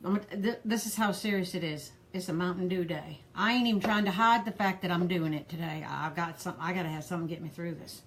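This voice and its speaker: A woman's voice: fairly low pitch, fairly quick, few pauses, a little hiss or hum, close to an everyday voice. A woman putting on a rambling old granny. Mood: chatty. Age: older. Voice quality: folksy drawl, rambling. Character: poor old Southern granny, harried and gossipy. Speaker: pearl party host. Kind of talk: comedic character live stream.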